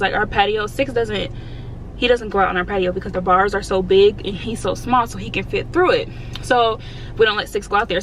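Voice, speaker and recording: A woman's voice: a little high, a little hiss or hum, low-quality recording. A young woman vlogger in a slangy style, animatedly telling a storytime and acting out what people said. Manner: animated, slangy, acts out quotes. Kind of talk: storytime vlog.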